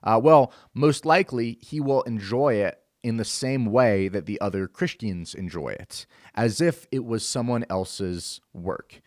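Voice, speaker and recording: A young man hosts his own show and gives an earnest religious talk, explaining his point step by step. His voice sits a little low, and he often stops with fillers and restarts his sentences. The recording is dry and close, with no room sound. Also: unhurried, hardly any pauses, darkish tone, no echo. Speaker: show host.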